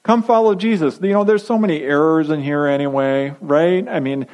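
A man's voice: on the high side, moderate pace, darkish tone, low-quality recording. Man preaching with emphatic repetition. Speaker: pastor. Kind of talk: sermon.

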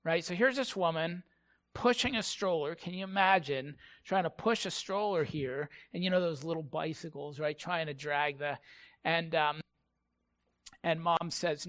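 A man preaching a sermon, with a bright voice pitched a little high. He tells a story in a halting way, often repeating words. He leans into key lines slowly. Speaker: pastor.

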